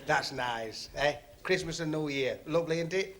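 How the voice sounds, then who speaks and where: A man's voice: on the high side, moderate pace, fairly bright tone. A man doing club stand-up comedy, chatting and teasing the audience and laughing at his own jokes. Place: working men's club stage on TV. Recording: noisy 1970s TV recording, laughing club crowd.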